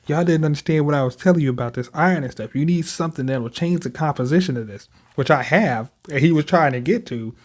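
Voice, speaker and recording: Guy doing a chill manga reaction, reads the panels out loud, slangy and laid back. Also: a little high, fast talker, hardly any pauses. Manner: loose, slangy commentary. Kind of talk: casual reaction, reading manga aloud.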